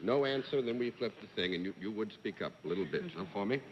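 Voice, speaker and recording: A man's voice: lowish voice, expressive, fast, dull audio, slight background noise. A jovial, courtly man hosting a studio game show, chuckling as he guides the panel and the guests. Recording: reverberant 1950s TV studio broadcast with faint audience.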